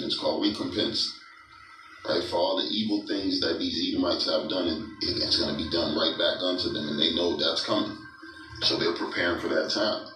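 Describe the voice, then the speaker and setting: Deep bright preacher guy reading verses and laughing at folks, far off in a roomy echo with music under it. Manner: mocking, chuckling, tags lines with "right?". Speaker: street preacher. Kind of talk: scripture-reading sermon commentary. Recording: echoey room, mic far off, music behind.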